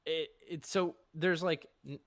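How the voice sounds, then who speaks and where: A man in casual podcast chat, speaking quickly and stumbling over restarts. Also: on the high side, fairly even intonation, a bit bright, no room sound. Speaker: racing podcast participant.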